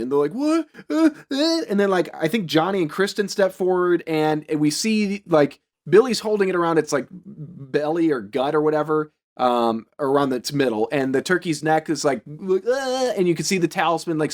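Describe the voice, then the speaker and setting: A man on a chatty podcast walks through a film's plot scene by scene. His voice sits somewhat high and swings widely in pitch, and he keeps breaking into silly voices when quoting the characters. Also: normal speed, hardly any pauses. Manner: animated, jumps into silly voices for quotes. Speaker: podcast co-host recapping a film. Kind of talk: casual chat.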